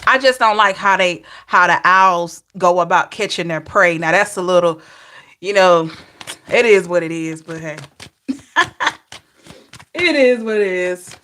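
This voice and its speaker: A woman's voice: on the low side, a little slow, long pauses, bright, forceful tone, slight background noise. A middle-aged woman with a Southern drawl giving a chatty live-stream tarot reading, laughing and greeting her viewers. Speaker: tarot reader.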